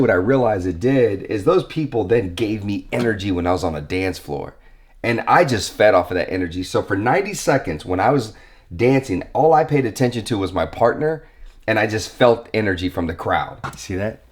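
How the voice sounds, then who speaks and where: A man's voice: on the low side, brisk. A man hosting his own video, chatting casually and animatedly as he watches old footage, acting out what others said. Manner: animated, acts out quotes of others. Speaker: vlog host.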